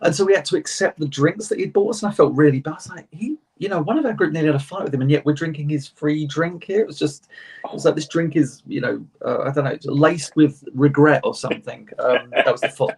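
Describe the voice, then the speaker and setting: A young British man on a chat panel, telling lively anecdotes and acting out the people in them. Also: a little high, quick pace, husky. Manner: animated anecdotes, acting out quotes, self-laughing. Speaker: panel co-host. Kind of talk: casual storytelling chat.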